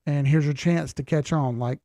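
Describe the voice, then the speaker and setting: Laid-back gravelly man hosting a stream. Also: on the high side, steady tone, moderate pace, mellow, dry recording. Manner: laid-back, chatty, many fillers, reads out chat questions. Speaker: livestream host reading viewer chat. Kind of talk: casual livestream chat.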